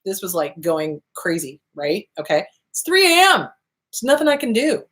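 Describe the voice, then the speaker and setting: A woman's voice: very animated, normal speed, a bit bright. A woman therapist hosting a podcast, giving casual advice, swearing freely and acting out quoted voices. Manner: swears freely, acts out quotes with big pitch jumps.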